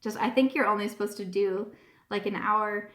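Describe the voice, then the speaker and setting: A woman's voice: medium pitch, moderate pace, fairly bright tone. Gushing woman on a roomy live stream. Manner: gushing, earnest, repeats herself. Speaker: beauty YouTuber hosting a live chat. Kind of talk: casual live-stream chat. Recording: roomy echo.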